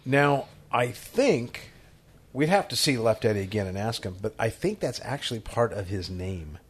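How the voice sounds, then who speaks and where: A man co-hosting a casual church talk, relaxed and joking, sometimes reflective. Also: on the low side, moderate pace, husky. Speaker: podcast co-host. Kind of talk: casual chat about sermon questions.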